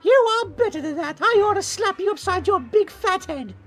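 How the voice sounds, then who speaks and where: Brief: shrill falsetto mother, scolding and crude, put on by a man reading game text. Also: expressive, normal speed, a bit bright, soft background music. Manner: scolding, insulting. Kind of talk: voicing game dialogue.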